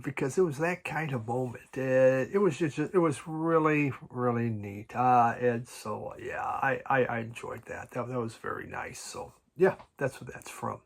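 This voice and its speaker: A man chatting casually about his record collection at home, halting and restarting often and chuckling now and then. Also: medium pitch. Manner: halting, many restarts and repeated words. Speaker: vinyl record collecting vlogger. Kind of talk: casual rambling chat.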